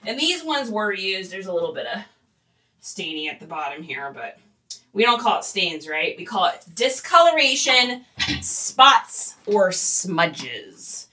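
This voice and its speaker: Chatty woman reseller, bright voice. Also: fairly low pitch, sing-song, moderate pace, far from the mic. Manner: chatty and rambling, with fillers and laughs. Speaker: online reseller. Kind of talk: casual chat while photographing stock.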